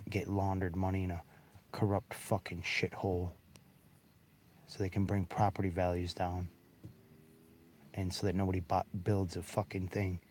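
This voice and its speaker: A man's voice: low voice, a little mellow, a little hiss or hum. A man in a rambling, bitter monologue, swearing heavily and breaking into short laughs. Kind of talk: angry monologue.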